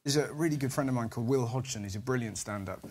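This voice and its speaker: A man's voice: medium pitch, very fast, a crowd in the background. A man casually telling anecdotes on a comedy podcast, chatty and laughing through his stories.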